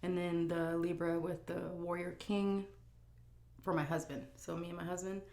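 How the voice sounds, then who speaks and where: A woman's voice: fairly low pitch, flat delivery, moderate pace, a little mellow, reverberant. A woman vlogger chatting frankly while she eats, reading out viewer questions and answering them. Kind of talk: casual chat while eating.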